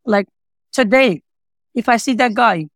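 A man's voice: very high voice, a little slow, fairly bright tone, no room sound. Earnest man with broken English. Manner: non-native English with broken grammar and constant "you know, like" fillers; earnest, repetitive, heartfelt. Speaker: interview guest, pizza shop owner. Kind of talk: emotional personal storytelling.

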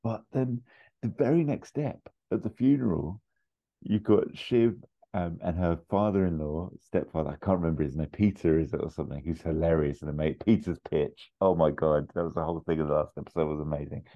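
A man co-hosting a podcast, chatting casually and retelling scenes in a rambling, animated way. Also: low voice, a little fast, muffled recording. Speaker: podcast co-host. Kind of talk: casual chat.

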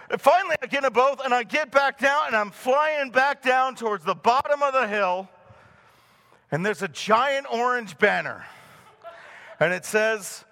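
A middle-aged male pastor preaching to a live congregation, telling a personal story with animated delivery and frequent chuckles. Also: very high voice, moderate pace, vocal fry.

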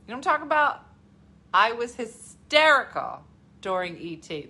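Animated chatty woman with a bright voice. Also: on the high side, normal speed, breathy edge. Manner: animated, acts out her own reactions in big swoops. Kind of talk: casual chat.

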